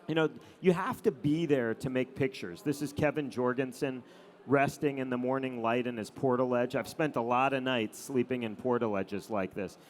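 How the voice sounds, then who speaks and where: A middle-aged man, a photographer, telling anecdotes to an audience in a relaxed storytelling manner with frequent "um" and "you know". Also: mid-range voice. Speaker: adventure photographer giving a talk.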